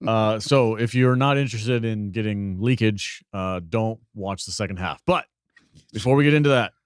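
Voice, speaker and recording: A man hosting a casual gaming podcast, playful and quick to laugh, talking into a close microphone. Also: fairly low pitch, smooth, dry recording. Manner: playful, laughs often, joking. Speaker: podcast host.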